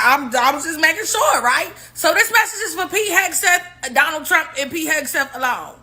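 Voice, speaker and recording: Middle-aged woman host, casual livestream chatter, lively and profane, bright tone. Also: high voice, normal speed. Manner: animated, profane, swearing and slangy. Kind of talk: casual live-stream commentary.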